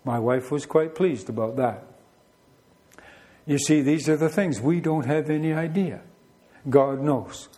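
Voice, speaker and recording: A man's voice: medium pitch, mellow. A middle-aged man, preaching a sermon in a conversational, storytelling way full of rhetorical questions. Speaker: pastor.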